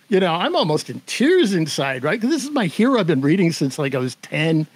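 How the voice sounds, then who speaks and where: An older man as a guest, telling a story with a slightly high voice. He acts out the other people's lines with animation. He laughs as he talks. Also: very animated, brisk, slightly rough, no echo, low-quality recording. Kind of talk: storytelling in conversation.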